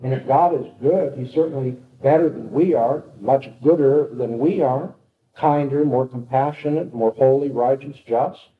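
A man's voice: mid-range voice, normal speed. Man lecturing, reading aloud dramatically. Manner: dramatic reading with rising intensity. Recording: echoey, tinny phone-like audio.

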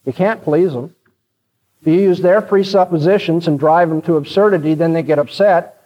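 A man's voice: fairly high pitch, normal speed, in a large hall. A man preaching a sermon in an earnest, direct and explanatory way, addressing his congregation. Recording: dull lo-fi recording.

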